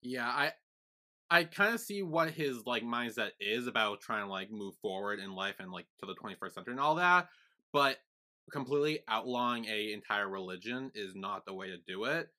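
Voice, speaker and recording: A man's voice: on the low side, animated, normal speed, pushed and bright. A man co-hosting a podcast, easygoing and agreeable in casual chat. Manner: easygoing, agreeable, many short yeahs. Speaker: podcast co-host.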